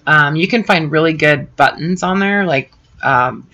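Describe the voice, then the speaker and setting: Bright-voiced chatty woman, middle-aged. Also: low voice, measured pace. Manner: rambling, chatty, many fillers. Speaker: craft channel host. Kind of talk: casual chat with live viewers.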